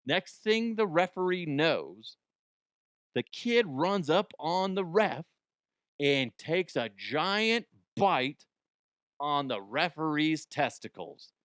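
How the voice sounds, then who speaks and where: A man's voice: a little high, very animated, slow pace, fairly bright tone, clean tone, no room sound, studio quality. A man hosting a comedy news show, rambling in a jokey, self-interrupting way. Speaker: podcast host. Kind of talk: casual comedic commentary.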